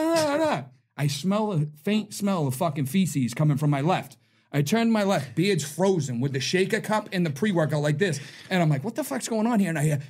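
A man on a podcast telling a long, profane story with lots of laughing and "right?" checks, his voice slightly husky. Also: fairly high pitch, a little mellow. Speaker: podcast co-host. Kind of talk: casual storytelling chat.

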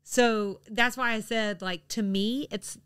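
A woman's voice: a little high, fairly even intonation, slow, fairly bright tone, clear, resonant tone, no room sound, clean studio sound. A woman co-hosting a podcast in casual chat, chatty and a little apologetic, laughing often. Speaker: podcast co-host.

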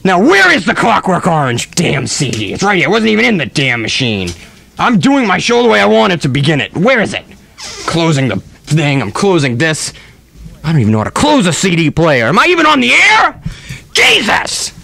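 A man hosts a comic radio show, ranting loud and profane in a high voice that leaps all over the place. There is gravel in his throat, and he talks into a handheld studio mic. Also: very animated, brisk. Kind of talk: casual comic radio chat. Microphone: handheld studio microphone.

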